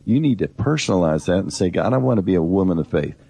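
A man's voice: sits low, animated, quick pace, vocal fry, dark tone, breathy edge. A middle-aged man co-hosting a Bible teaching program, preaching earnestly and directly in a conversational way.

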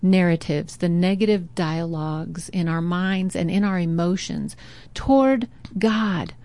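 A woman's voice: lowish voice, unhurried, no room sound. A woman talking about faith with her mother, telling stories and laughing easily. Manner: warm storyteller, laughs easily. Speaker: daughter in a devotional chat. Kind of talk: faith talk and storytelling.

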